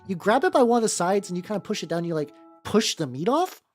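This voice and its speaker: Painting miniature terrain on a livestream, this American VTuber talks fast in a mid-range voice with big swings in pitch, rambling loosely, cursing and stumbling over restarts. Soft background music sits under the chat.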